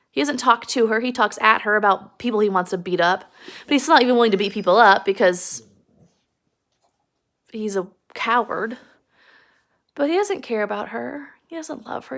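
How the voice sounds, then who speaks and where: A woman's voice: fairly high pitch, creaky, fairly bright tone. A woman teacher giving a casual, earnest recap of a novel chapter, emphatic and sprinkled with fillers. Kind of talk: casual literature lesson recap.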